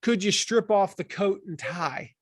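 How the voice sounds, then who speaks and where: A man in his forties from the Southern United States, talking as an author in an interview, animated and full of restarts. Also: sits high, unhurried, no echo, studio quality. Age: 40s. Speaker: author and guest. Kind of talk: conversational interview.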